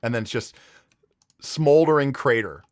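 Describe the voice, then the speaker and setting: A man hosts a livestream, chatting loosely and spinning a story that's thick with fillers and restarts, delivered in an enthusiastic, meandering way. His voice sits at medium pitch and moves unhurriedly. Sound is dry, at studio quality.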